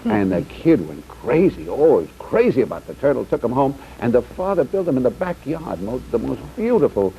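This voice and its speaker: A man's voice: medium pitch, big pitch swings, a little fast, vocal fry, few pauses. A man telling a long joke on a 1960s comedy panel show, rambling with restarts. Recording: dull, slightly noisy 1960s TV sound.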